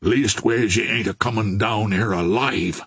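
A man voicing a desperate mutinous sailor who growls in rough slang. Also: lowish voice, a little slow, a bit bright, dry recording, clean studio sound, exaggerated voice. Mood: growling defiant.

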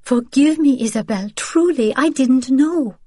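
A woman's voice: mid-range voice, expressive, a little slow, darkish tone, no room sound, clean studio sound, pitched above the performer's own voice. A woman voicing an anxious, guilt-ridden young French mother who pleads and stammers in an audiobook. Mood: pleading. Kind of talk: audiobook character reading.

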